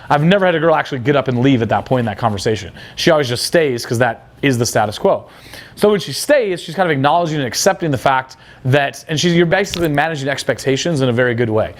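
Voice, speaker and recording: A young man coaching on dating, blunt and crude, acting out quoted dialogue. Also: on the high side. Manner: blunt, casual, crude slang. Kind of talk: coaching talk.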